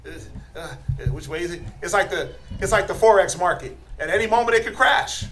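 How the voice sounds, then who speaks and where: A man's voice: high-pitched, animated, brisk, a bit bright, rough recording. A man preaching informally to a group as a religious teacher, blunt and challenging, firing rhetorical questions and chuckling while he scolds.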